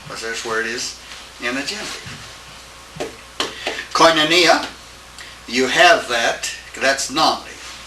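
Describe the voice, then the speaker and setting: A man teaching a Greek class, lecturing haltingly and often checking with his students. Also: mid-range voice, sharp tone. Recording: echoey room, distant mic, faint hiss.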